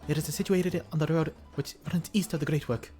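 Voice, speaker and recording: Man doing a brisk, courteous tribeswoman with a put-on accent, reading game dialogue fast over faint music. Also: a little high, steady tone, mellow, voice pushed up, close to an everyday voice. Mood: polite. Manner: reads quest lines aloud in a put-on accent, with stumbles.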